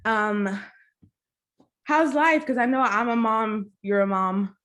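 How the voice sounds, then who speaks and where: A woman's voice: medium pitch, measured pace. Bubbly young woman podcast host. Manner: bubbly, says she is nervous and excited. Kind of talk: casual interview chat.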